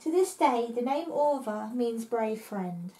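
Woman reading her own story out loud, high voice, echoey room. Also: expressive, unhurried. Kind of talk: read-aloud story narration.

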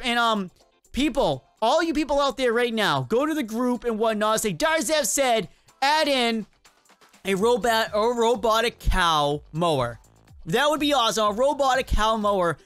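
A man hosting a casual let's-play video, talking in an excitable, rambling and self-mocking way as he comments on the game. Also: very high-pitched, no room sound. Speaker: gaming video host.

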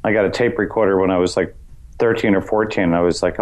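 A man's voice: steady tone, quick pace. A middle-aged man from New York's Westchester County, a comedian guest talking in a loose, rambling way, full of "you know" fillers. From Westchester County, New York. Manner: acts out voices in high shouts. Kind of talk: casual interview chat.

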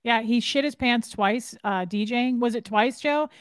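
A woman co-hosting a casual chat in a deadpan manner, reading viewer comments aloud. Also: fairly high pitch, a little slow, smooth, dry recording. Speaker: co-host.

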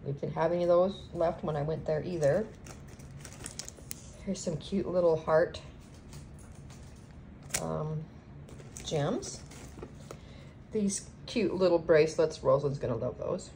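A woman's voice: deep voice, takes it slowly, gravelly, long pauses. A woman chatting casually as she unboxes craft supplies at home, gushing and filling gaps with lots of ums. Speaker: craft vlogger. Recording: noisy home recording.

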